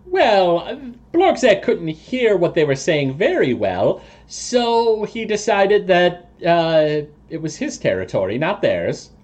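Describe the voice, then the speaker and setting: A man's voice: high-pitched, sing-song, slow, hardly any pauses, darkish tone, pitched above the performer's own voice, heavily acted. A man voicing a pompous, boastful anthropomorphic toad who speaks of himself in the third person, in a tabletop game.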